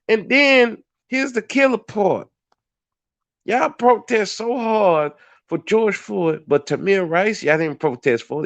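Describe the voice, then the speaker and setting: A man hosts his own podcast and delivers a heated, profane solo rant. His voice sits a little high for a man, and he speaks bluntly and with force. The recording is dry, with a somewhat dull, lo-fi sound. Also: dry recording. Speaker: podcast host.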